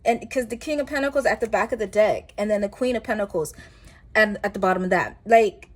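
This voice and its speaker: A woman talks through a tarot reading in a loose, rambling way. She stays chatty and conversational, with sudden animated asides. Her voice sits at an ordinary pitch for a woman. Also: brisk. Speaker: tarot reader.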